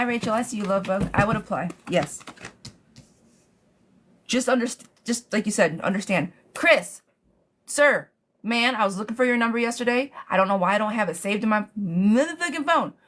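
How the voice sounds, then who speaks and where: A woman's voice: mid-range voice, slight background noise. A woman doing a live-stream tarot reading, answering viewers' questions in a chatty, blunt way, swearing freely and calling them girl and love bug. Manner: gets riled up and rants, then calms herself. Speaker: tarot reader.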